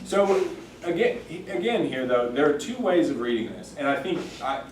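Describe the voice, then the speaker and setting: A man teaching a church Sunday school class, thoughtful and halting, with many fillers and restarts. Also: on the high side, big pitch swings, slight background noise. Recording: echoey room, mic far off.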